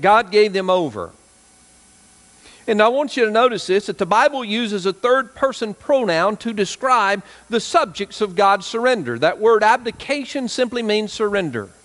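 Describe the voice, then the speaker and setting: A man from South Arkansas with a Southern drawl, a pastor preaching a sermon, rising to emphatic peaks and dropping to hushed, slow lines. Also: high voice, big-room sound. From South Arkansas, USA.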